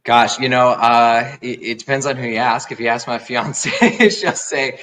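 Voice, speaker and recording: A man's voice: medium pitch, flat delivery, normal speed, fairly bright tone. A man, a winemaker guest in a podcast interview, talking casually with many fillers and restarts.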